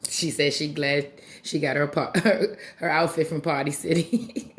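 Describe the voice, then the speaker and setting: A woman with a fairly low-pitched voice tears through a reality TV recap at a measured pace, blunt and animated. She swears freely and slips into voices to mimic the people on the show, keeping things loose, casual and conversational throughout.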